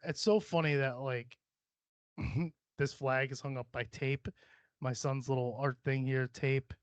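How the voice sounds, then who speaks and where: A man's voice: medium pitch, steady tone, measured pace, smooth, no room sound. A man hosting a podcast in casual chat, talking about himself with lots of profanity and self-mockery. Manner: profane, self-deprecating, rambling. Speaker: podcast host. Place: room at home. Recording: dull, dry sound.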